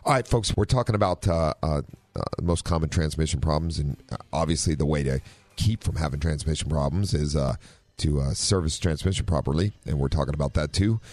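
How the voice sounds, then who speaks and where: A man's voice: very deep voice, a little fast, darkish tone. A man hosting a car talk radio show, laid-back and agreeable, with frequent fillers as he introduces segments. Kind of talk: casual talk radio banter.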